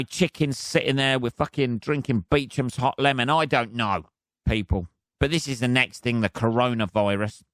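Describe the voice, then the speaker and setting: Male podcaster, mid-pitched, rambling sweary monologue, dead-dry sound. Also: a bit bright, dry recording. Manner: profane, rambling, sardonic. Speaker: podcast host. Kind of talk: solo comedic rant.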